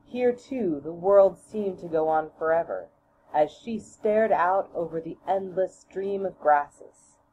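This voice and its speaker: Slow, low-voiced woman reading a storybook. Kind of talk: reading a children's storybook aloud. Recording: tinny phone-like audio, faint hiss.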